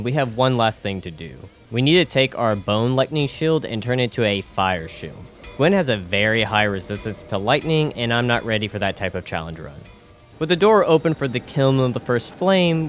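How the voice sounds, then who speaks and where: Dry, sarcastic man narrating gameplay. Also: medium pitch. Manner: dry, sarcastic, casual swearing. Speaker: gaming YouTuber. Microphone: voice-over over gameplay.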